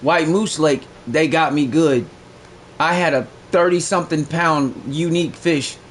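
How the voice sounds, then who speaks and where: High-voiced man bragging on a live stream. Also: measured pace, slight background noise. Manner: boastful, profane, slangy, gets loud and excited. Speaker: livestreamer. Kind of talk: casual live-stream chat.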